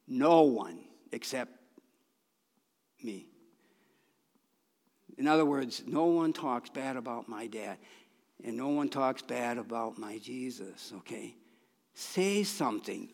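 A man's voice: a little high, vocal fry, a little mellow. A man preaching a sermon in a folksy, conversational way, with restarts and bursts of emphasis. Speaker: pastor. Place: church sanctuary. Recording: long reverb of a church hall.

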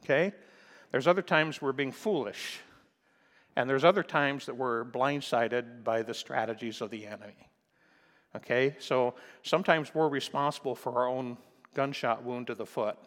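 Older pastor preaching in a reverberant church. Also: male voice, medium pitch, moderate pace, a bit bright. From Nebraska, USA. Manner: folksy storytelling, frequent "okay?" and "amen?", clears throat often. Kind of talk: sermon. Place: church sanctuary.

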